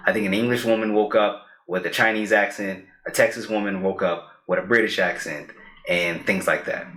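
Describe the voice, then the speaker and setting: Lively storytelling man in a roomy space. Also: lowish voice, normal speed. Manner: animated storyteller who acts out quoted lines. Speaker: podcast co-host. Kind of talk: casual podcast storytelling. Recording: roomy echo.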